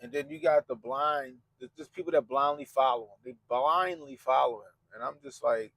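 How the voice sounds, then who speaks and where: A man's voice: mid-range voice, moderate pace, few pauses, a bit bright, no room sound, rough recording. A man hosting a podcast, talking casually and profanely, mocking people and quoting them in put-on voices. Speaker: podcast host. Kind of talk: casual commentary chat.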